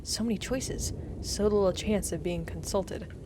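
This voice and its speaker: Woman streamer, let's-play reader: wry and unhurried, mid pitch, prone to giggling fits. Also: background noise. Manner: wry and chatty, often breaking into giggles. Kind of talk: let's play, reading game text aloud. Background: game music.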